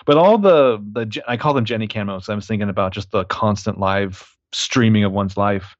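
A man co-hosting a casual film review chat, talking in a halting way full of fillers. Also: fairly low pitch, no echo, lo-fi sound. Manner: conversational, halting, frequent fillers. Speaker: podcast co-host.

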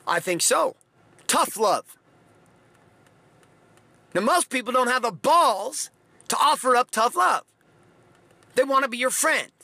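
A man's voice: extremely high pitch, animated, slow, creaky, long pauses, bright, forceful tone, no echo. A man giving a blunt, emphatic motivational talk, hammering his points with repeated phrases. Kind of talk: motivational monologue.

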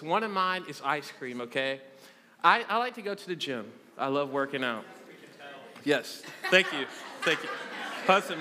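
Young male preacher, twenties, high bright voice, playful self-mocking storyteller, large reverberant hall. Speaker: youth preacher. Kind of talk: humorous sermon to a live congregation.

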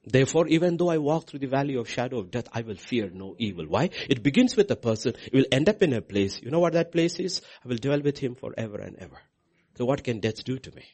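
A man preaching a sermon as pastor, swinging between hushed lines and loud, high outbursts. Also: lively intonation, fast, husky.

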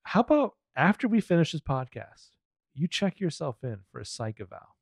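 A man's voice: on the high side, sing-song, moderate pace, creaky, breathy edge, no echo. A man co-hosting a podcast, joking and sarcastic as he recaps a TV show. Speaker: podcast co-host. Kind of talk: casual TV recap chat.

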